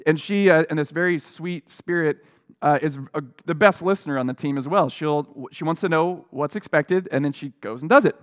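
A man's voice: a little high, normal speed. A middle-aged man preaching a sermon, telling a personal story in an earnest, conversational way with fillers and restarts. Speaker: pastor.

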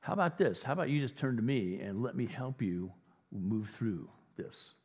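A male pastor gives a conversational sermon, slipping into the voices of imagined people to make his point. His voice is husky and sits in a middle register. A long hall reverb trails after his words. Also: medium pitch, expressive, normal speed, darkish tone.

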